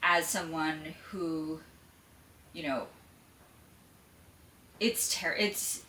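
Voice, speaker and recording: A woman hosting an interview who wanders through her questions with plenty of fillers. Her voice is slightly low yet bright and forceful. She sits a bit back from the mic in an echoey room with faint background noise. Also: very slow, far from the mic. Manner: rambling, hesitant questions with many fillers. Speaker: podcast host. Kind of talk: casual interview chat.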